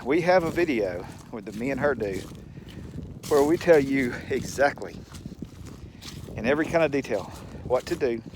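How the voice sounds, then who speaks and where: A man's voice: mid-range voice, lively intonation, normal speed, pauses often. A man telling a rambling, folksy story to the camera and chuckling as he goes, recorded at home with a faint hum behind him. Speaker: channel host.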